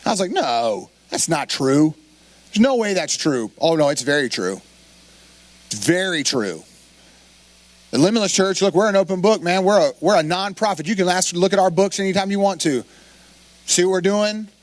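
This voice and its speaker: Male pastor, high-pitched, dry close sound, lively conversational sermon delivery. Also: fairly quick, long pauses, dry recording. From Florida. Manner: animated, conversational preaching with quoted asides.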